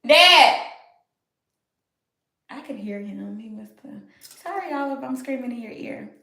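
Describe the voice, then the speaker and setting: An upbeat, animated woman hosting a casual live stream from home, talking straight to her viewers. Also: fairly high pitch, normal speed, vocal fry. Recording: echoey room.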